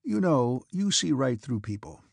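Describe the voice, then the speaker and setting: A man's voice: mid-range voice, very animated, measured pace, creaky, a little mellow, breathy edge, dry recording, full character voice. A man voicing a crafty middle-aged prince who talks in an ingratiating, persuasive way.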